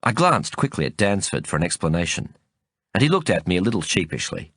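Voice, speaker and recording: A man narrating a first-person novel as an audiobook reader, in a measured, expressive storytelling manner. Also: low voice, breathy edge, no room sound, clean studio sound.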